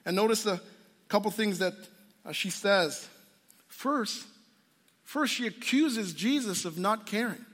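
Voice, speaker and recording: Casting: an earnest man with a very high voice preaching a sermon, long echo of a large hall. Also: animated, a little slow, pauses often, a bit bright. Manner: earnest, storytelling, frequent restarts. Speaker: pastor.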